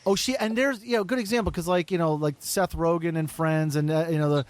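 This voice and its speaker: A man's voice: on the high side, steady tone, fairly quick. Rambling man in his forties. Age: 40s. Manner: rambling, lots of fillers. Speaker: podcast host. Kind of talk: casual chat.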